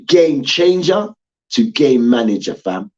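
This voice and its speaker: A man's voice: medium pitch, big pitch swings, takes it slowly, a little mellow, highs cut off. A man hosting a sports debate show, ranting heatedly, swearing and repeating his points for emphasis.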